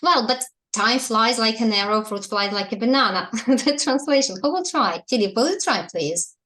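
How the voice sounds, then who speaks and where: Lady teaching english online, kinda high voice, keeps asking the class questions. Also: lively intonation, moderate pace, pushed and bright. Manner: explaining patiently, asking students questions. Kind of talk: online language lesson. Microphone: video call.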